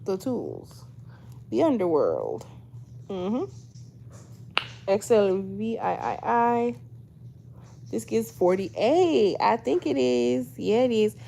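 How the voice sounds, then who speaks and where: With a mid-range, gravelly, dark voice that swoops wildly in pitch, a tarot reader in her twenties talks slowly, leaving long pauses, over slight background noise. Reading casually to camera, she's chatty and loose, blending guidebook passages with slangy asides and checking in with "okay?" constantly.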